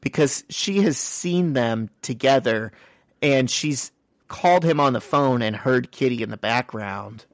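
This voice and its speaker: A man's voice: medium pitch, no echo, studio quality. A man co-hosting a podcast, recapping a comic book story in a casual, step-by-step storytelling way. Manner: brisk storytelling, retells scenes step by step. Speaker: podcast co-host.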